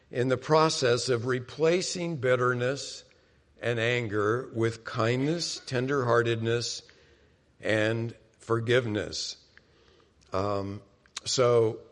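A male pastor explaining scripture to his congregation in an easy, conversational way, with a voice pitched at an ordinary middle level. He pops quoted lines out loudly and then drops back to a low murmur. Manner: conversational teaching, dramatizes quotes with sudden loud bursts. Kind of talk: sermon.

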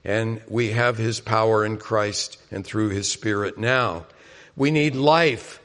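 A man preaching a sermon, earnest, rising on key points and dropping soft and low for appeals. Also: takes it slowly, long reverb tail. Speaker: pastor.

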